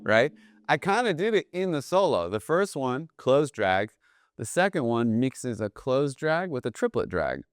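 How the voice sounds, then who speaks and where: A man teaching jazz drumming in a relaxed, explanatory way, often checking in with "right?". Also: mid-range voice, unhurried, loud music behind the voice. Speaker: drum teacher. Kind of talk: casual instructional talk.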